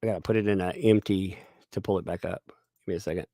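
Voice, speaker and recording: A man's voice: sits low, fairly even intonation, quick pace, mellow, no room sound, clean studio sound. A man giving rambling, sarcastic live-stream commentary, joking and laughing as he talks. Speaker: livestream commentator.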